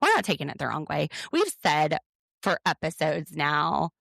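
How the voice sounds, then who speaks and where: A woman's voice: low-pitched, sing-song, moderate pace, vocal fry, fairly bright tone, no echo, clean studio sound. A woman co-hosting a podcast, recapping a reality show in an opinionated, sarcastic way. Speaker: podcast co-host. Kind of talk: casual recap chat.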